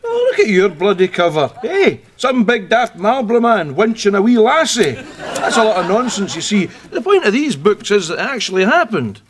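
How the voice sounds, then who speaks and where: A man's voice: sits high, very animated, moderate pace. An actor with a Scottish accent playing an irritable old man who lectures and grumbles, in a sketch comedy. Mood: exasperated. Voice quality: exasperated, grumbling. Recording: background noise.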